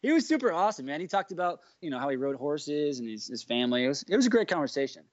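Fast-talking animated man, dull dry sound. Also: fairly high pitch, no room sound. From United States. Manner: animated storyteller, acts out quotes. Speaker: guest juggler. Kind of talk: casual podcast chat.

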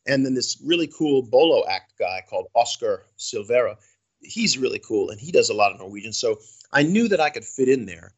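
A man, a comedy juggler and cruise ship entertainer, telling stories in a chatty, animated way during a casual interview. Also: medium pitch, fairly quick, husky, muffled recording. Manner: chatty, animated anecdotal storytelling.

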